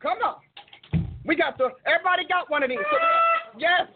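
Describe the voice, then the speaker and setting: A woman's voice: very high voice, big pitch swings, brisk, over loud music. An older woman, a minister and host, giving a sermon-like talk in an emphatic, repetitive preaching cadence over a tinny, phone-like recording.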